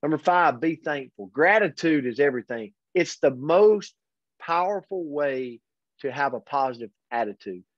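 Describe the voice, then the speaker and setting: A man hosting a daily motivational pep talk, earnest and energetic, speaking directly to his audience. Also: fairly high pitch, normal speed, dry recording. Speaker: host and motivational coach. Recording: dull, lo-fi dry recording.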